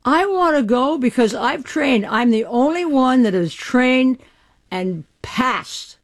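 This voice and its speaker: A woman's voice: high voice, expressive, slow. A woman in her eighties, from the United States, speaking emphatically in an archived radio interview about her life. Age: 80s. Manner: emphatic, spirited storytelling.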